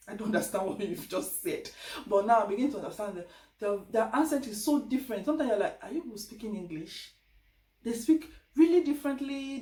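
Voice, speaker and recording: A Nigerian woman talks straight to her viewers in a chatty, lively way, slipping into little voices when she quotes people. She sits some way back from the mic, so her voice carries the echo of the room around her. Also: mid-range voice. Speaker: vlogger. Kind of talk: casual advice vlog. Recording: echoey room, distant mic.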